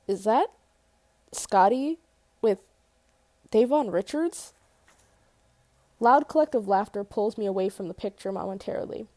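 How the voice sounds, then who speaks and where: A woman's voice: medium pitch, animated, unhurried, long pauses, darkish tone, no echo. A woman reading a first-person novel aloud in a casual way, correcting her slips and swearing at them. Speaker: audiobook reader.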